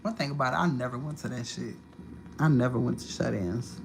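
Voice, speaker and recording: A woman's voice: rumbling low, brisk, vocal fry. Woman, livestream host, profane storytelling, faint background hiss. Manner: profane, animated storytelling with sudden loud outbursts. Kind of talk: casual livestream monologue.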